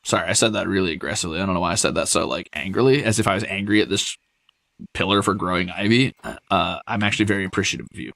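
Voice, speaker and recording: A man streaming a zoo-building game, chatting casually with his viewers, animated and self-mocking, swearing freely. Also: low-pitched, very fast, gravelly, dry recording.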